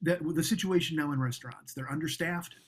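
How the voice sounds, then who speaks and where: A man telling stories in a casual, profane, animated way as a comedy show co-host. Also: fairly high pitch, quick pace, slightly rough. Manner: profane, animated, mocking impressions. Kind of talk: casual storytelling chat.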